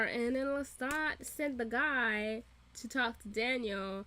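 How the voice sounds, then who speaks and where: A young woman rants through a casual reaction commentary, swearing freely and laughing often. Her voice sits a little high and sounds bright and forceful. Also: slow, a little hiss or hum. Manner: animated, profane, laughing often. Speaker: reaction video host.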